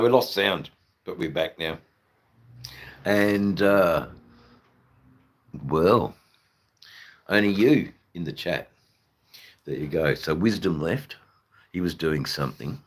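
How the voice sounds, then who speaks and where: A deep-voiced man with an Australian accent talks casually to his livestream viewers, drifting from topic to topic. His delivery is loose and profane, full of fillers and restarts. A faint noise sits behind his voice. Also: gravelly. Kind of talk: casual live-stream chat.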